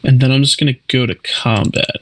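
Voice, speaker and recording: Relaxed man narrating his card plays. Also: mid-range voice, fairly quick, a little hiss or hum, poor audio. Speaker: card game player. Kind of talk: casual chat among friends.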